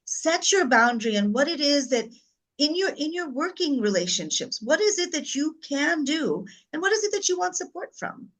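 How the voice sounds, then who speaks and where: A woman with a fairly high voice moderates a panel. She speaks in an affirming, reflective way and steers the talk toward the next question. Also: big pitch swings, normal speed, a bit bright, poor audio. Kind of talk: panel discussion.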